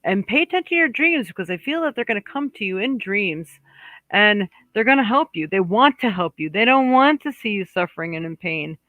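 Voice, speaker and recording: A man's voice: high-pitched, expressive, brisk, no room sound, narrow, tinny audio. A man giving a chatty monthly horoscope card reading, talking straight to viewers and to spirit, with many fillers and restarts. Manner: chatty, warm asides, talks to spirit aloud. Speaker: psychic card reader.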